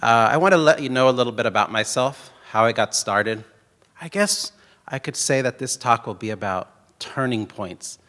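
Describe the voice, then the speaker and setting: A man's voice: fairly low pitch, sharp tone. Joking, rambling keynote man in a hall. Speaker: keynote speaker. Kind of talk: conference keynote talk.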